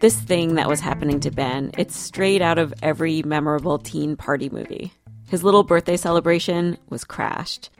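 A woman reporter telling a story in measured, scripted radio narration. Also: sits low, dry recording, studio quality.

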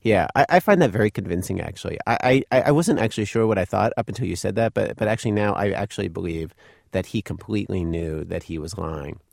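A man's voice: deep voice, quick pace, vocal fry, darkish tone, no echo, studio quality. A man hosting a conversation, reflective, thinking aloud as he responds to a guest's story. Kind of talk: conversational interview.

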